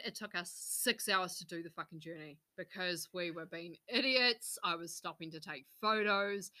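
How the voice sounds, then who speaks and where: A woman's voice: on the low side, bright, forceful tone. A woman hosting a casual podcast chat, telling a story with plenty of swearing and laughter. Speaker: podcast host.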